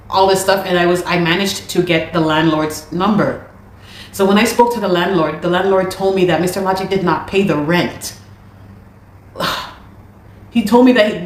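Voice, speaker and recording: A woman telling a personal story of a dispute in an animated, indignant way, often repeating words. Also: medium pitch, echoey room. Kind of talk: casual spoken account.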